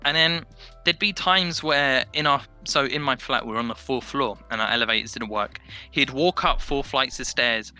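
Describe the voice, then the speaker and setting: Young Englishman telling a story, sharp voice. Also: mid-range voice, moderate pace, hardly any pauses, soft background music. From England. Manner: animated, swears freely, acts out quotes. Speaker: podcast guest. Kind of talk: casual storytelling chat.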